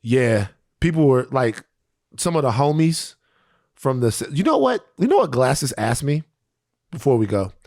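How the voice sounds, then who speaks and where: Animated, profane man ranting. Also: mid-range voice, a little slow. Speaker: podcast co-host. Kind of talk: casual chat.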